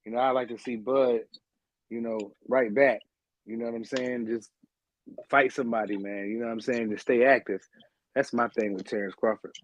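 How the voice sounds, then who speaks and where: A man hosting a casual sports podcast, talking in a relaxed way, laughing and saying "you know" a lot. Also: mid-range voice, normal speed. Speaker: podcast host. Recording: dull lo-fi audio.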